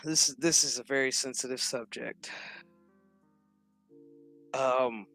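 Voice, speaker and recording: A man's voice: medium pitch, fairly even intonation, slow, bright, forceful tone, faint music behind. A man casually recapping a TV episode, rambling and swearing while acting out what the characters say. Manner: profane, rambling retelling that acts out quotes. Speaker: show recap vlogger.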